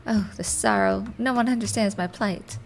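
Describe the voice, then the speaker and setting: A woman's voice: medium pitch, moderate pace, vocal fry, slight background noise. A woman reading the lines of a pompous, melancholy male shrimp poet in a game, using flowery, old-fashioned wording in her own voice. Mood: lamenting.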